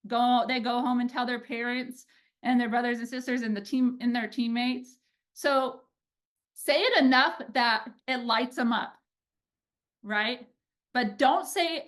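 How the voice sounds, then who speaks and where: A woman in her thirties, a pitching coach, giving an energetic coaching talk and often checking in with "right?". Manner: energetic, animated, peppered with "like" and "right?".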